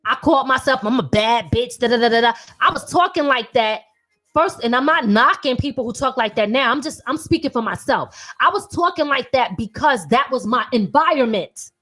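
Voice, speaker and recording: A woman's voice: high-pitched, animated, normal speed, sharp tone, breathy edge, soft background music. A woman in her thirties hosting a podcast, an independent artist talking bluntly and animatedly with lots of profanity. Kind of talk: casual opinionated talk.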